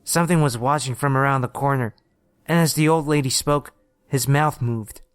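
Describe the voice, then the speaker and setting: Brief: male horror-story narrator, smooth and resonant, steady delivery, dry close sound. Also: medium pitch, moderate pace, no echo.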